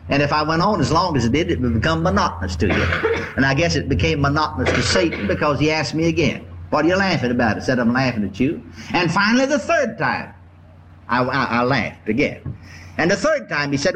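Animated older preacher. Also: male voice, a little high, a little hiss or hum, low-quality recording. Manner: folksy, repetitive, drawn-out emphasis. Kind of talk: sermon storytelling. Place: church before a congregation.

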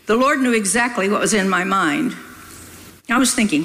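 A woman's voice: medium pitch, lively intonation, normal speed, fairly bright tone. An older woman preaching a sermon in a folksy, scolding way, often laughing as she talks. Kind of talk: sermon with read-aloud testimony.

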